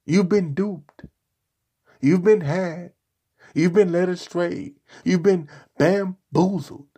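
A man's voice: high voice, creaky, dark tone, husky. A man delivering a sarcastic, mocking opinion rant on a vlog, hammering his points with repetition and insults. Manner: repetitive, emphatic rhetoric. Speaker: political commentator.

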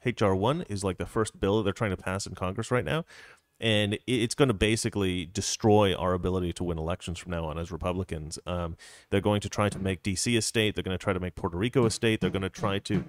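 A man with a fairly low voice hosts a casual political live stream. He rambles, restarting his sentences and filling pauses. The sound is dry and close, with no room echo. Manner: rambling, frequent restarts and fillers.

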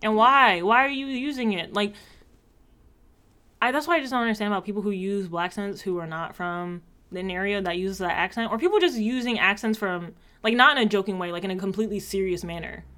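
Bright-voiced young woman, blunt and slangy. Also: mid-range voice, fairly quick. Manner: blunt, slangy, animated storytelling. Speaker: podcast co-host. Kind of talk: casual chat.

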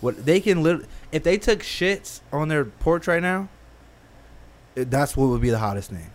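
A man's voice: a little high, lively intonation, moderate pace. A young man in casual podcast chat, slangy and rambling, full of "like" and "bro".

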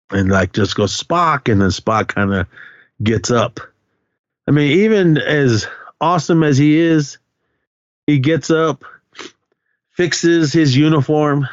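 A lower-voiced man rambles through a story, stopping and restarting often with fillers along the way. The sound is dry and close, with a slightly muffled, lo-fi tone. He keeps a casual podcast-host chat going. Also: dry recording. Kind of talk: casual chat, retelling a movie scene.

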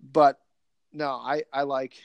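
A man's voice: medium pitch, flat delivery, takes it slowly, vocal fry, clear, resonant tone, no echo, dull audio. A man casually co-hosting a movie podcast, talking in a loose, rambling, jokey way. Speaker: podcast co-host.

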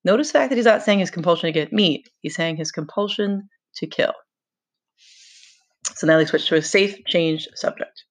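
A woman teacher reading a novel aloud and pausing for conversational explanations with rhetorical questions. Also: on the low side.

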